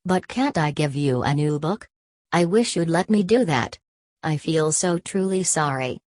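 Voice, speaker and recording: A woman's voice: low-pitched, lively intonation, a little slow, darkish tone, no echo, clean studio sound. A woman voicing an anxious, overly apologetic upper-class woman in an audiobook, speaking in a sing-song way.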